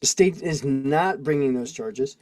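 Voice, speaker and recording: A man with a medium-pitched, darkish voice speaks a little slowly as he hosts a casual livestream. He preaches through strings of rhetorical questions and answers chat comments, all heard over a video call microphone.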